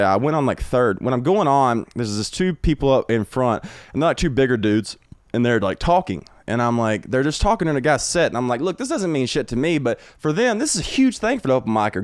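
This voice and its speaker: Fast-talking comedian telling a rambling story. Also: male voice, mid-range voice, no room sound, studio quality. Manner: rambling, profane, many restarts and laughs. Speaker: guest comedian. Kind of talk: casual storytelling on a podcast. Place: home man cave studio.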